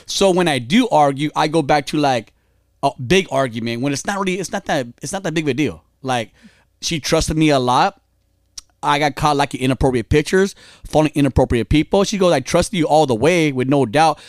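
A young man with a somewhat high voice tells a long, meandering story on a casual podcast. He acts out both sides of a squabble and breaks into laughter often. The sound is close and dry, with no room around it. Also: lively intonation, fairly quick, no echo. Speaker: podcast co-host. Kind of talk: casual chat.

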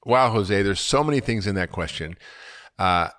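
A middle-aged doctor hosting a podcast, answering listener questions in an energetic, emphatic way and laughing at himself now and then. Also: male voice, on the low side, moderate pace.

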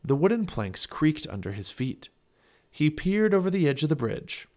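A man reading a children's chapter book aloud, with expressive storybook narration. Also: medium pitch, measured pace. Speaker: family podcast reader.

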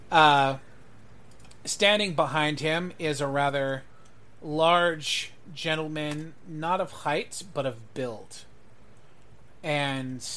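A man's voice: a little high, a bit bright, slight background noise. Man narrating as game master. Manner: loose, lots of ums and uhs.

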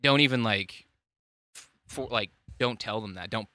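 Bright, smooth-voiced male podcast co-host. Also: fairly low pitch, moderate pace, dry recording. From United States. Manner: laid-back, short replies, stumbling over words. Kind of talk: casual chat.

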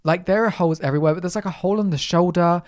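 A podcast host with a British accent, chatting casually and gushing about favourite things with quick asides. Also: mid-range voice, darkish tone. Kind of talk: casual chat.

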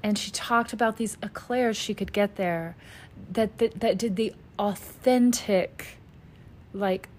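A woman's voice: medium pitch, slow pace, a little mellow. Chatty woman from Louisiana. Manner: talkative, storytelling with fillers. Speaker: podcast co-host. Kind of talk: casual chat.

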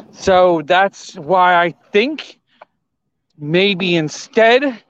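A man co-hosting a casual wrestling podcast, talking through his opinions in an excitable, rambling way. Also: sits high, no echo. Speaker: podcast co-host. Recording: dull lo-fi sound.

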